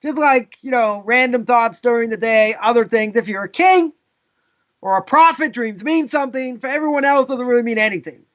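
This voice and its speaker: A man, a rabbi, teaching a live class in a casual, animated way, telling stories with lots of asides. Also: very high-pitched, normal speed, lo-fi sound. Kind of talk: live lesson with storytelling.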